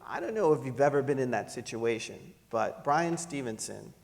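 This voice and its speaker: A middle-aged man telling a personal story to an audience, animated and laughing as he acts out the voices in it. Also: medium pitch, normal speed, creaky, in a large hall. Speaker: panel speaker. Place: lecture hall.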